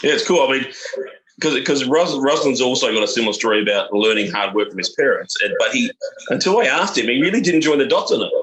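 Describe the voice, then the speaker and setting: A man's voice: mid-range voice, lively intonation, quick pace, fairly bright tone, low-quality recording. A man hosting a podcast, asking questions in a chatty, matey way. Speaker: podcast host. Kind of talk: casual interview chat.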